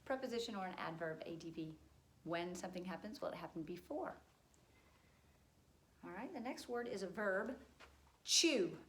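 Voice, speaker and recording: A woman teaching children a spelling lesson, cheerful and encouraging, spelling words out slowly. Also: fairly low pitch, expressive, fairly bright tone, roomy sound, a little hiss or hum.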